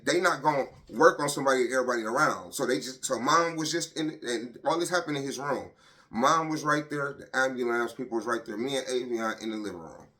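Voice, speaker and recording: Man telling a painful story, halting. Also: mid-range voice, pushed and bright. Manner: halting, repetitive, checks in with "right?" and "you know"; heavy and emotional, voice dropping when he speaks of his pain. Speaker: grieving father telling his story. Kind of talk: personal storytelling to camera.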